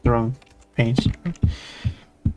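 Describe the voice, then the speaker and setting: Speaking extremely slowly against a noisy background, a streamer draws while chatting casually. The talk rambles and keeps interrupting itself, with playful humming along the way.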